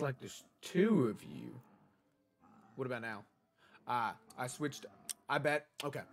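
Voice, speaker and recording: This young man is streaming a video game from his desk at home, his mid-range, fairly bright voice picked up by a desk mic with slight background noise. As a gaming streamer, he keeps the chat casual and responds to viewers' questions.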